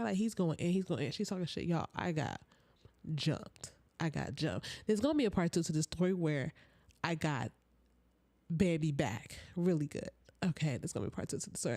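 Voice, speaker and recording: A woman hosting a casual live storytime from home, animated and slangy, calling her viewers y'all and honey. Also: low-pitched, dry recording. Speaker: storytime livestream host. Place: at home with her small child.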